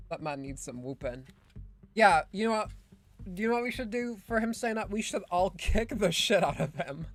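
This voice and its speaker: A woman's voice: medium pitch, animated, normal speed. A woman streaming a video game, giving casual, sarcastic commentary that rambles with lots of "like" and "um". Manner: sarcastic, rambling, full of fillers like "like" and "um".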